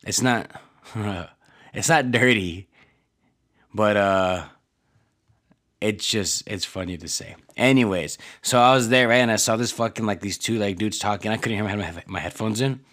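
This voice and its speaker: A man's voice: lowish voice, moderate pace, fairly bright tone. A man ranting casually on a podcast, swearing constantly and rambling with lots of filler words. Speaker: podcast host.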